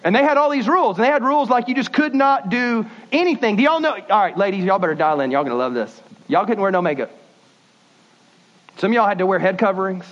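A man preaching a sermon, animated and folksy, shifting his pace suddenly. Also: high voice, fast talker. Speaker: pastor. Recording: dull lo-fi sound.

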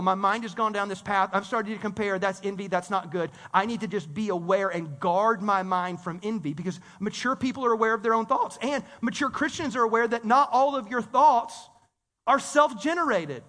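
A man preaching a sermon in a church hall, in an energetic, conversational way with frequent restarts. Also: high voice, brisk. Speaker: pastor.

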